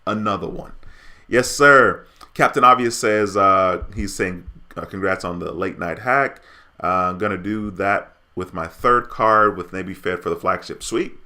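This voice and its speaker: A man's voice: on the low side, pushed and bright. A man hosting a casual livestream, reading viewer comments aloud in an upbeat way. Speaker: livestream host.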